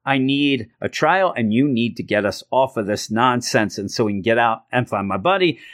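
A man's voice: mid-range voice, expressive, normal speed, a bit bright, lightly acted. A man voicing a vain, grumpy male businessman who makes indignant demands, close to his own voice.

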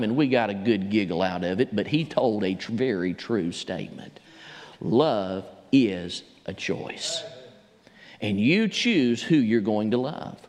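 A man preaching a sermon as pastor. He tells a story, then builds to emphatic preaching. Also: lowish voice. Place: church sanctuary. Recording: long hall reverb.

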